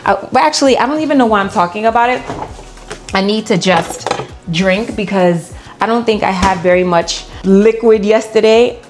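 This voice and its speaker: A woman's voice: mid-range voice, normal speed, slight background noise. A woman talking casually to camera while she trains, chatty, and at times out of breath from moving. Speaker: vlogger. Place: home pole studio room.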